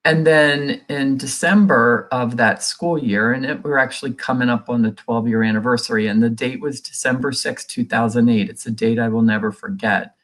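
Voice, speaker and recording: A woman's voice: rumbling low, fairly even intonation, normal speed, hardly any pauses. A middle-aged woman, a guest in an interview, telling a personal story in an earnest, conversational way and acting out what people said. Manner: earnest, reenacts quoted dialogue in her telling; many fillers and restarts, conversational. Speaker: guest sharing a recovery story.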